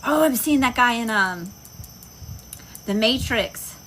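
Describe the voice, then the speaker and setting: A woman's voice: on the high side, expressive, slow, fairly bright tone, a little hiss or hum, rough recording. A woman giving a casual tarot reading, talking bluntly and emphatically with plenty of profanity. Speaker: tarot reader. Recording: insects and crickets chirping behind.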